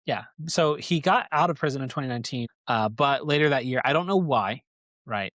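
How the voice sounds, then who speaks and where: A man's voice: medium pitch, animated, brisk, a bit bright, no echo. A man hosting a podcast, telling a story casually in a rambling, joking way. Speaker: podcast host. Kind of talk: casual chat.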